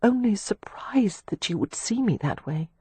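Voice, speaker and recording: Brief: a man doing a shy, embarrassed young lady in an audiobook romance; breathy and raised. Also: high voice, animated, measured pace, no room sound, voice pushed up, full character voice. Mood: shaken. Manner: timid, hesitant, flustered. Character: flustered young woman companion, timid and embarrassed. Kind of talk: audiobook dialogue.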